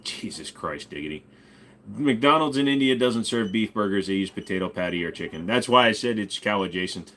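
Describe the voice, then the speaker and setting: A man hosting a loose ask-me-anything livestream, answering chat with crude jokes and frequent swearing. His voice moves a lot, jumping between low mutters and higher bursts. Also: lively intonation, a little fast, a bit bright. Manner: profane, joking, reads chat while bidding. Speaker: streamer host.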